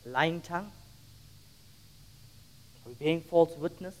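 A high-pitched man delivers a sermon in a church. He tells a story with dramatic swings and then presses his listeners with one rhetorical question after another. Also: lively intonation, a little slow. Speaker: pastor.

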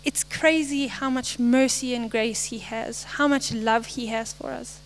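A young woman giving a short, earnest devotional message, halting now and then and apologizing as she goes. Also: fairly high pitch, fairly even intonation, a little hiss or hum, poor audio. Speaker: lay speaker.

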